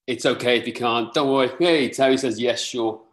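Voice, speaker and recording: Male, 30s, British with a Welsh twang, friendly webinar host, mid-pitched and upbeat. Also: a little fast. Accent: Welsh-tinged British. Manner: upbeat, chatty, reading out viewer comments. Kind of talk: live webinar chat.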